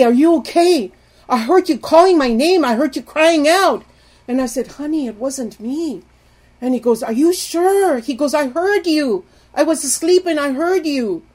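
Woman, middle-aged, earnest marriage teacher, slightly high voice, pleading, loud-to-soft swings. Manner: earnest, pleading, addresses viewers as "people". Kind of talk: earnest teaching talk to viewers.

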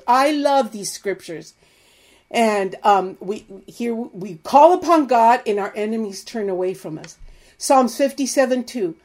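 A woman's voice: on the high side, darkish tone. A woman preaching a sermon, reading scripture aloud and speaking fervently and emphatically.

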